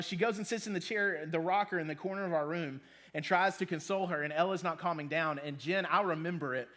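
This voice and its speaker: Man in his thirties, casual youth preacher, high voice, chatty and joking. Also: quick pace, fairly bright tone. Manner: casual, joking, with many ums. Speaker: youth pastor. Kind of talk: sermon to students.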